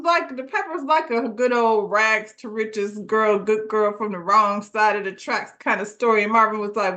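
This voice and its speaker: A woman's voice: on the high side, fairly even intonation, normal speed, hardly any pauses, bright, forceful tone. A woman co-hosting a casual show, recapping a TV episode in slangy, laugh-filled storytelling and acting out the characters' lines. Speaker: podcast co-host reviewing a TV episode.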